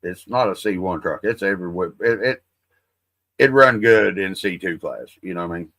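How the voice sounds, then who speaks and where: Bright-voiced man rambling casually. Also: sits low, normal speed, dry recording. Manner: rambling, profane, folksy. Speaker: livestream host. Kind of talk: casual livestream chat.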